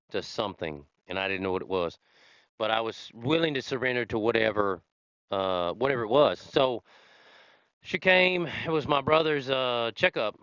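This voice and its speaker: A man's voice: on the low side, a bit bright, clear, resonant tone, dry recording. A man hosting a podcast, telling his own recovery story in a rambling, conversational way with many fillers. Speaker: podcast host. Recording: slightly dull lo-fi sound.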